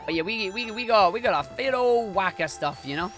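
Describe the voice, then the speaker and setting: A man's voice: high-pitched, animated, brisk, fairly bright tone, soft background music. A Scottish man from Scotland, a streamer chatting casually and slangily while he speedruns. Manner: chatty and slangy, rambling asides.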